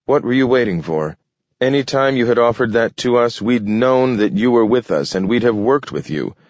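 A man's voice: medium pitch, lively intonation, moderate pace, no echo, pitched above the performer's own voice, close to an everyday voice. A man reading an audiobook, voicing a tense human leader who speaks in a clipped, grim and increasingly heated way. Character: sharp, tense older human leader Webster. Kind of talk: audiobook character voice. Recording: dull, dry studio read.

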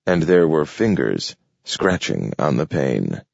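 Narratore uomo, voce bassa e lenta, registrazione spenta e asciutta. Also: male voice, very animated, creaky, darkish tone, dry recording. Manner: slow and measured. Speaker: audiobook narrator. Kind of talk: scripted narration. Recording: dull lo-fi audio, dry.

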